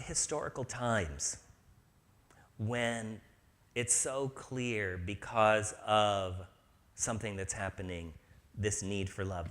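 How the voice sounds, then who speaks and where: A man giving an inspirational spiritual talk to a live audience, joking and acting out small voices. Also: mid-range voice. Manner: playful, jokey, acts out little voices. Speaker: spiritual speaker.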